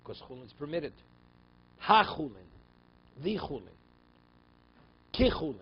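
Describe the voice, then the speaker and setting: The rabbi here, a man with a fairly high voice and big swings in pitch, teaches Talmud at an unhurried pace. He reads Aramaic passages, explains them in English, and often asks "okay?" or "right?". Faint room noise accompanies a slightly dull recording.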